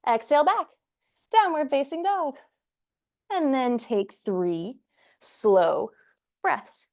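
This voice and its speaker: Young yoga teacher lady, kinda high voice, chatty and encouraging, bit breathless. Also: lively intonation, slow. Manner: encouraging, playful, laughs often while cueing poses. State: slightly out of breath. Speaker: yoga instructor. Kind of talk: guided yoga class instruction.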